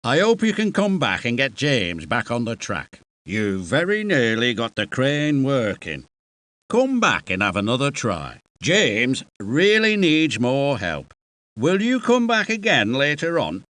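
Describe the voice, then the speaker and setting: A man's voice: medium pitch, huge pitch swings, a little slow, fairly bright tone, no echo. A man from the UK giving patient, encouraging instructions as narrator of a children's game, recorded in a studio. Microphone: close studio mic.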